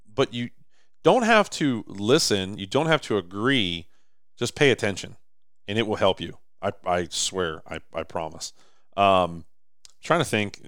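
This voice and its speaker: A man's voice: fairly low pitch, a bit bright, clean tone, dry recording, studio quality. A man co-hosting a podcast, rambling through a long story in casual chat, with many restarts. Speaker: podcast co-host. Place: indoor office or shop.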